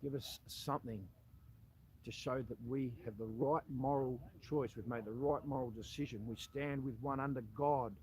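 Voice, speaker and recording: A man's voice: medium pitch, steady tone, normal speed, a little mellow, slight background noise, low-quality recording. A man with an Australian accent, a former army soldier, making a direct-to-camera appeal that confronts the listener and keeps calling him "mate".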